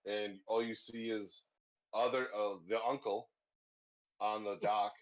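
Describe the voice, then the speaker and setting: A man's voice: on the low side, little pitch movement, a little slow, dull audio. A man hosting a casual horror movie discussion, talking in a rambling, profane way and laughing often. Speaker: podcast host.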